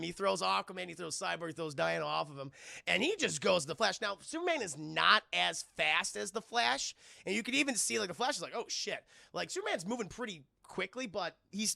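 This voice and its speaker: A man casually retelling a film scene by scene for his live chat, animated and profane, often acting out the characters. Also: high voice, gravelly, dry recording. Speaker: film reviewer and streamer.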